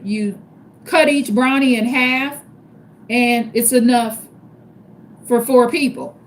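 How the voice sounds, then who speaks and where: A woman hosts a live stream offering casual advice, repeating herself emphatically and spelling out each point step by step. Her voice is fairly high, with a little hiss or hum in the audio.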